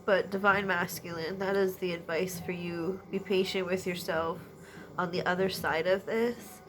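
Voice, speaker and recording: A woman's voice: on the low side, steady tone, normal speed, background noise. A woman giving an emotional late-night energy reading, sniffly and teary from crying, often trailing off and laughing through tears. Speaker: tarot energy reader.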